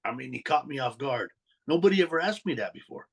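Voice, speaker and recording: A former mob associate, appearing as an interview guest, tells the story of his past and animatedly acts out the dialogue. He speaks fast in a mid-range voice with vocal fry and a breathy edge.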